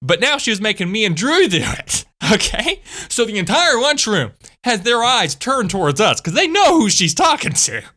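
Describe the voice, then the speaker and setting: A woman telling a story from school in a chatty, animated way, with frequent asides to her viewers. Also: a little high, moderate pace, few pauses. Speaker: channel host. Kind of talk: storytime vlog.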